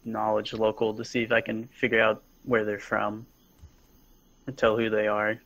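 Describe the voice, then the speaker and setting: A man describing his actions at a tabletop game in a flat, even voice. The sound is dull and lo-fi, picked up from a distance. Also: lowish voice, moderate pace, gravelly. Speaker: player. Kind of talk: casual tabletop game play.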